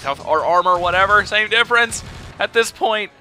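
A young man giving excitable, panicky commentary while playing a shooter game. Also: sits high, measured pace, faint music behind. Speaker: let's play gamer. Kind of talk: casual gameplay commentary.

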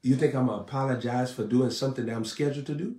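A man preaching a live sermon in a fiery, repetitive style, building to shouts. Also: medium pitch, rapid-fire, echoey room, far from the mic.

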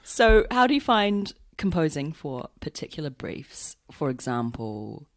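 A woman hosting a podcast, chatting and laughing easily with her guest in his flat. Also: sits low. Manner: giggly, lively, quick to laugh. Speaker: podcast host. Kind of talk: casual interview chat.

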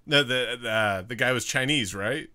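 A man's voice: mid-range voice, normal speed, sharp tone. A man co-hosting a stream in casual chat, laid-back and joking. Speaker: stream co-host.

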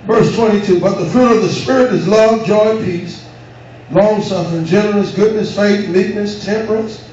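A male pastor preaching a fervent sermon, rising into drawn-out shouts and calling on the congregation to answer. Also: sits high. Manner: calls on the congregation for responses. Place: church sanctuary. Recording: echoey, dull room recording from far off with background noise.

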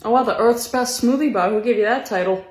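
A woman's voice: fairly high pitch, fairly quick, a little mellow, echoey room. A woman with a sarcastic, exasperated manner, acting in a comedy sketch.

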